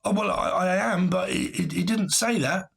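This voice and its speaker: A man putting on the voice of a frantic, panicky woman who is obsessed with tarot readings, talking in a shrill, breathless way. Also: normal speed, vocal fry, fairly bright tone, husky, full character voice.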